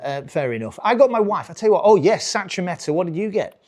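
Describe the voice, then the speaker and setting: A British man in his forties works the crowd in a stand-up set, with a voice pitched somewhat high for a man. He rambles, restarts his sentences and keeps checking in with the audience. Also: expressive, quick pace, darkish tone. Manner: rambling, self-interrupting, chatty with the crowd. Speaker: stand-up comedian. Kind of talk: stand-up comedy.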